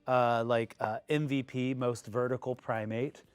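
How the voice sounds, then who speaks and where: A man's voice: medium pitch, steady tone, unhurried, clear, resonant tone, dry recording. A man co-hosting a casual movie-review chat, talking loosely with frequent fillers and laughs. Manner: chatty, laughs often, uses lots of fillers. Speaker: podcast co-host.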